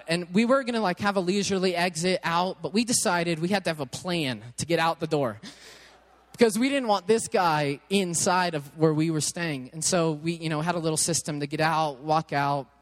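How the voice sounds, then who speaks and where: A man preaching in a chatty, animated storytelling way, often restarting his sentences. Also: high voice. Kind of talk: storytelling sermon. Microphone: headset mic.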